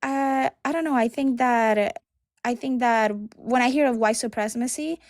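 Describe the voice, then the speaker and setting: Woman caller, halting speech, lots of fillers, fairly high voice, dry close sound. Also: a little mellow, no echo. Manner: halting, many fillers and restarts. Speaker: caller in a debate stream. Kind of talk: hesitant debate on a call.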